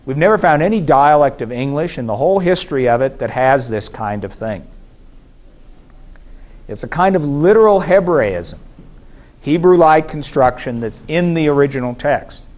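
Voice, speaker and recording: A man giving a measured, explanatory academic lecture at a conference, pausing now and then with fillers and restarts. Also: a little high, lively intonation, darkish tone. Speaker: scholar giving a conference presentation. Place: conference hall.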